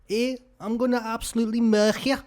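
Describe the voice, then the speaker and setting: A man's voice: flat delivery, brisk, darkish tone. A man putting on the voice of a cocky young male fighter with a Scouse accent, boastful and taunting. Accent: Scouse, put on. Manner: boastful, taunting, high-pitched.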